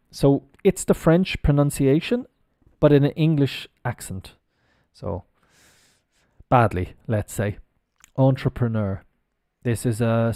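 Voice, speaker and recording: Man spelling out words in a dry, mellow voice. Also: mid-range voice, no room sound. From Ireland. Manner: spells words out slowly letter by letter; explains pronunciation while working on screen. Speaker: English teacher. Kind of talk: live-streamed spelling lesson.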